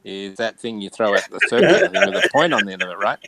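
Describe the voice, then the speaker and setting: A man with an Australian accent in a relaxed, chatty conversation, laughing often. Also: on the low side, fast, gravelly, a crowd in the background, poor audio. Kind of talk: casual chat.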